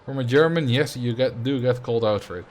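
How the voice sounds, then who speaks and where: A man's voice: medium pitch, quick pace. Musing Dutch-accented man on a livestream. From Netherlands. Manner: musing, conversational, thinking aloud. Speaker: streamer. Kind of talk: casual livestream chat.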